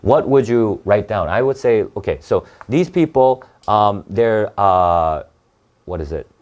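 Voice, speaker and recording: A man's voice: fairly low pitch, lively intonation, measured pace, a little mellow, dull audio. A man teaching an online reading lesson for test prep, thinking aloud and checking in with "right?" often.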